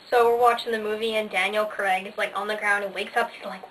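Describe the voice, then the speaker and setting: A woman's voice: medium pitch, steady tone, quick pace, few pauses. A teenage girl vlogging casually, bubbly and sarcastic, with lots of "like" fillers. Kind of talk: casual chatty vlog. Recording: faint hiss, slightly distant mic.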